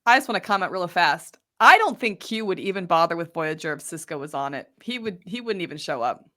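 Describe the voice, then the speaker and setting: A woman's voice: lowish voice, lively intonation, a little fast, sharp tone. A woman co-hosting a podcast in casual chat, playful and teasing. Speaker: podcast co-host.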